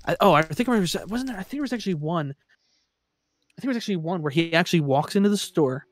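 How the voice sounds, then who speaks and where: A man with a high, animated voice talks fast on a live stream. His casual chat rambles and keeps restarting, and he sounds exasperated.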